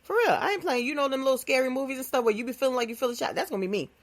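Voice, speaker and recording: A woman hosting her own podcast, talking in a playful, animated, casual comedic monologue with phrasing. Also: high voice, racing. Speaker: podcast host.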